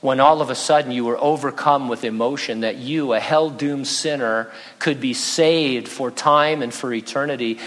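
A man's voice: medium pitch, moderate pace, hardly any pauses, fairly bright tone. A man preaching a sermon as pastor, earnest and conversational with touches of light humor. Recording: long reverb in a large hall.

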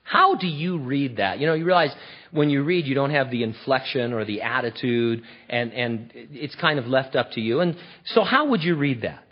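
A man preaching a sermon in an animated, conversational, emphatic way. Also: medium pitch, moderate pace, husky. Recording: dull lo-fi recording.

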